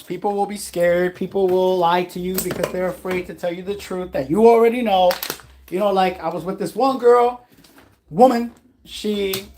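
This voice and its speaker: A man's voice: high-pitched, darkish tone, a little hiss or hum. A man on a casual vlog who gives blunt, profane, preachy life advice while making food in his kitchen at home. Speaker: vlogger. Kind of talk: casual livestream pep talk.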